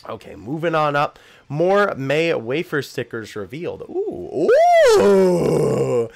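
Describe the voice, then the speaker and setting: A young man hosting a casual commentary video, reacting to each item with quick laughs and sudden excited exclamations. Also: on the high side, creaky. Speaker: YouTube host covering figure news. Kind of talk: casual commentary while reading news.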